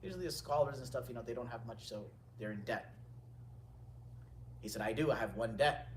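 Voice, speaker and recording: A man teaching a religious gathering, telling stories with lively retelling, quoting Arabic lines and then translating them. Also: medium pitch, brisk, a little hiss or hum. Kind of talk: storytelling lecture. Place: indoor gathering room. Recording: echoey room, distant mic.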